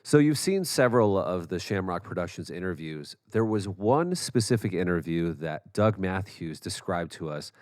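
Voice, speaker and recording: A man with a low voice hosts a podcast and asks his interview questions in a calm, measured way. His voice sounds close and dry. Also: no room sound. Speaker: podcast co-host and documentary director.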